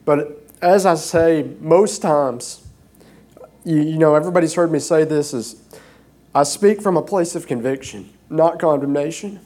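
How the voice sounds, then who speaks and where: A man preaching an informal sermon from a church stage, emotional and earnest, often pausing with fillers. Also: fairly high pitch, darkish tone. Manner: earnest, halting with frequent fillers.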